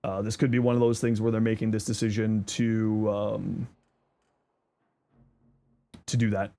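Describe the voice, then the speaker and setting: A man livestreaming in casual chat, reading viewer messages aloud and thanking subscribers, thinking out loud. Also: level tone, a little slow. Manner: squeaky high-pitched outbursts of surprise. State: chewing an apple.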